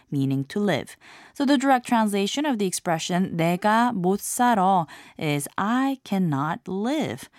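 A woman hosting a language lesson, explaining drama lines and phrases in a clear, measured scripted way. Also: medium pitch, a little mellow, dry recording, studio quality.

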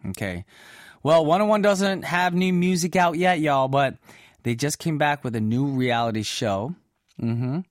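Pitched fairly high and in no hurry, this male radio host reads listener messages in a playful, chatty way, sprinkling in easy "mm-hmm" and "y'all" remarks. It's studio quality with no echo.

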